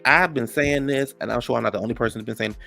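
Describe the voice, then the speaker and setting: A man's voice: medium pitch, quick pace, vocal fry, faint music behind. A man recapping a reality TV episode in casual, sassy and profane gossip, full of fillers. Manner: animated, with many fillers.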